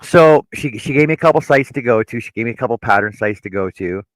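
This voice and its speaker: A man's voice: mid-range voice, animated, quick pace, no room sound, poor audio. A man co-hosting a casual chat show, telling a long story with many restarts and repeated words. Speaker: co-host.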